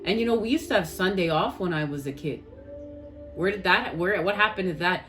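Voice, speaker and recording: A woman with a Canadian accent speaks in a slightly low voice, talking casually and earnestly to her viewers about spiritual matters. She repeats herself for emphasis and keeps calling them guys. Soft music sits faintly behind her. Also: expressive, a little fast. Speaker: spiritual tarot reader.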